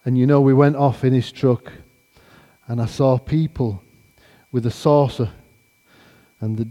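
Warm-voiced man telling a story. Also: mid-range voice, measured pace, big-room sound. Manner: animated, acts out conversations. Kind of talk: storytelling testimony.

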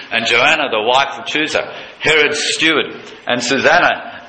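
A male preacher giving a sermon, retelling a scene with passion, dropping low and quiet and then leaping high with excitement. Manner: impassioned, leaps from low intimacy to high excited pitch. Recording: echoey room with faint noise.

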